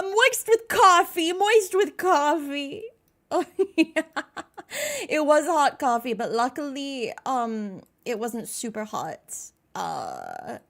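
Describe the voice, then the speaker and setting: A woman's voice: on the high side, vocal fry. A young American woman streaming live, chatting casually, greeting viewers by name and laughing at herself. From United States.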